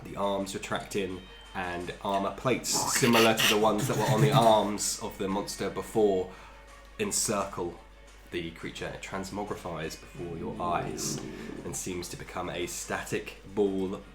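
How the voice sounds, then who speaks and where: A man's voice: low-pitched, steady tone, a little slow. A man narrating a tabletop game as game master, describing combat and often laughing as he talks. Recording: roomy echo with background music.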